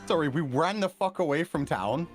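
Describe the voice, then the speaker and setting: A man's voice: a little high, animated, normal speed, over music. A man playing in a tabletop game on a call, laid-back and resigned. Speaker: player. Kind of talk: casual banter in a tabletop game.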